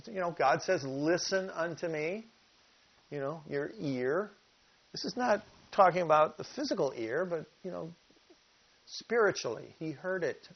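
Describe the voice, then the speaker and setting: Slow-paced preacher man, lo-fi sound. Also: on the high side, expressive. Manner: teaching from scripture, asking the listeners questions; reads verses slowly and with emphasis. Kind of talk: sermon. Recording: dull lo-fi recording.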